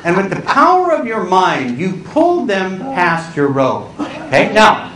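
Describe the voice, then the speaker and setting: Animated comic speaker in an echoing hall. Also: male voice, sits high. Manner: animated, acts out voices, squeals and cries out for comic effect. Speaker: comedic keynote speaker. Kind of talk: stand-up storytelling to a live audience. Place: large hall with a live audience. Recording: echoey hall recording from a distance, with audible room noise.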